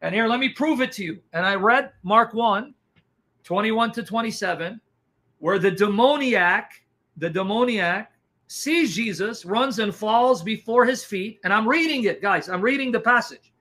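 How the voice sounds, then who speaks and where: An animated man recounting a gospel testimony, bouncing between hushed asides and sudden bursts. His voice is high and bright with a tense edge. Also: moderate pace. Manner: animated, dramatic, acts out reactions. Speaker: evangelist. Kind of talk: testimony storytelling.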